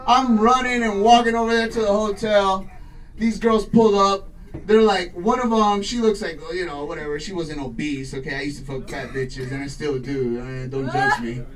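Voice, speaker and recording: A man doing crude, profane stand-up storytelling in a small garage studio, brash with shouting bursts. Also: high voice, steady tone, normal speed, recorded from a distance, poor audio. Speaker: stand-up comedian.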